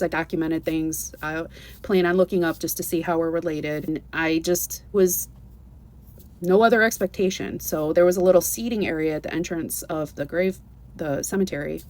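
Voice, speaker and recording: Vlogger from the US: a woman with a lowish voice who talks through her own story earnestly and eagerly, often restarting her sentences. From United States. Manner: earnest and animated, with many restarts and "you know"s. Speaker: vlogger telling a travel story. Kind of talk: casual personal storytelling.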